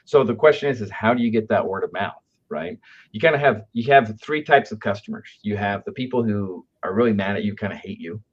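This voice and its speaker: Low-voiced man telling business anecdotes. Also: a little fast, breathy edge. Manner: anecdotal, keeps asking "right?". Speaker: aftercare company speaker. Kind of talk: conversational business storytelling. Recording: dull lo-fi audio.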